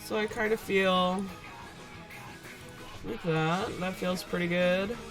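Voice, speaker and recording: Slow, high-voiced male streamer. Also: music in the background. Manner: rambling, relaxed, hesitant. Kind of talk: casual stream chat while painting miniatures.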